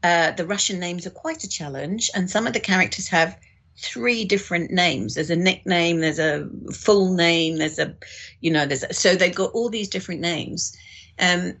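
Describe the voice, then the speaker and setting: A woman's voice: lowish voice, moderate pace, gravelly, a bit bright, husky. A woman, an audiobook director, explaining her work in a casual discussion with frequent restarts. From United Kingdom.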